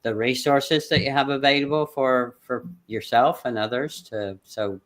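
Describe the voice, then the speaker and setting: A British man hosting a livestream interview over a video call, speaking loosely with many fillers and pauses. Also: medium pitch, fairly bright tone. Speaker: livestream host.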